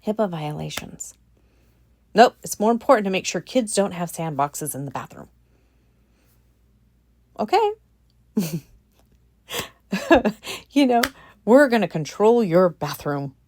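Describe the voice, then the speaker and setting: A woman giving a casual commentary monologue on her channel, animated and incredulous, repeating her points for emphasis. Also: mid-range voice, moderate pace, no echo, studio quality. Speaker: vlogger.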